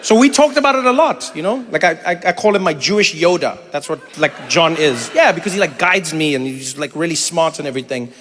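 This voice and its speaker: A man in his forties from South Africa doing stand-up and crowd work, animated and acting out little voices as he talks, laughing along with the room. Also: a little high, fairly quick, hardly any pauses, long reverb tail. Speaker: comedian. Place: comedy venue with a live audience.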